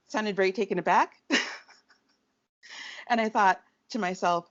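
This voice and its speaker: A woman's voice: medium pitch, a little slow, pauses often. A woman co-hosting a podcast, telling a story casually and acting out the people she quotes. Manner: animated, acts out quoted voices. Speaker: podcast co-host. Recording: dull dry podcast recording.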